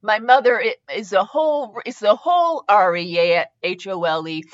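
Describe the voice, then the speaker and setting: On her comedy podcast, a young host with a mid-range voice and lively intonation reads fanfiction at a moderate pace. She mocks it along the way and spells out its misspellings, all in dull lo-fi sound.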